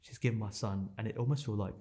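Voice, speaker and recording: A man's voice: fairly low pitch, quick pace, warm tone. A man in his thirties, a podcast guest telling a painful personal story in a raw, intense way, swearing and repeating phrases for emphasis.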